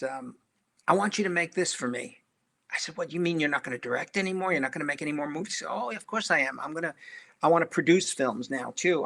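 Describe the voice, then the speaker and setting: A man's voice: on the high side, vocal fry. An older man, a film director, telling anecdotes in an interview and acting out the voices of people in his stories. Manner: animated storyteller who acts out quoted voices.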